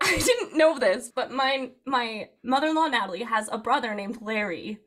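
A young woman telling a long personal story in casual chat, animated, laughing often and filling her speech with "like". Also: on the high side, moderate pace. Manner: animated, laughing, frequent "like" fillers.

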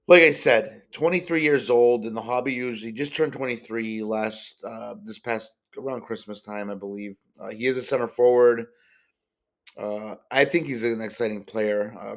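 Rambling male podcast host. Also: on the low side. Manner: rambling, many ums and uhs, self-correcting. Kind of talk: casual solo sports-card podcast talk.

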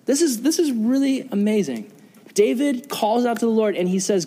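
A man's voice: extremely high pitch, very animated, moderate pace, mellow. A young man preaching a sermon to a youth group, earnest, often asking the audience questions. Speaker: youth pastor. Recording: long reverb of a hall.

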